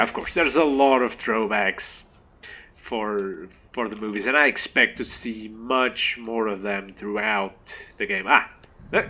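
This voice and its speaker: A man hosting a gaming video, giving excitable, animated let's play commentary to his viewers. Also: on the low side, slight background noise.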